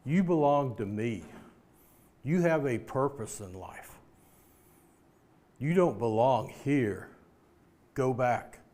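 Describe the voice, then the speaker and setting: A man voicing a solemn father lion who calls slowly to his son as he retells an animated film. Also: mid-range voice.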